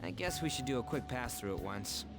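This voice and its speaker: A man's voice: medium pitch, expressive, fairly quick, natural voice. An actor playing a brash, impatient teenage boy in a video game, blunt and restless. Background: game music.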